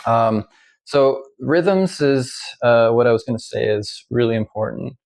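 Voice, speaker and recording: A man explains violin practice in a loose, unscripted way, often pausing and restarting his thoughts. His voice sits in a middle range with a gravelly, creaky edge. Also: mid-range voice, expressive, a little mellow. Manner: halting, many fillers and restarts. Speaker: violin teacher. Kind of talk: casual instructional talk.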